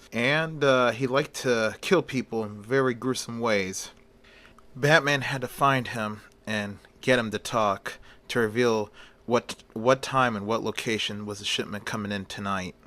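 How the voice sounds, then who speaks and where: A man narrating a fan story in a halting way, with many fillers and restarts. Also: lowish voice, pushed and bright.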